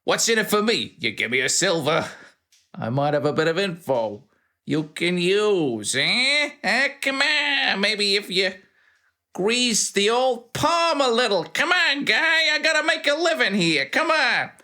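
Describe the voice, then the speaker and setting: A man's voice: high voice, very animated, a little slow, sharp tone, pitched above the performer's own voice, full character voice. A man voicing a pushy, money-grubbing male street informant with a put-on tough-guy accent and nagging patter. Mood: wheedling.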